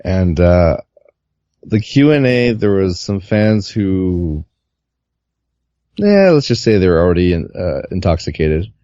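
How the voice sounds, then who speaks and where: A man with a low, dark voice talks through his reporting week in a loose, meandering way, full of "uh"s. The audio is muffled and lo-fi, with a dry sound. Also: unhurried, long pauses, dry recording. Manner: relaxed, rambling with many fillers. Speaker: guest reporter. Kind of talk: casual podcast recap.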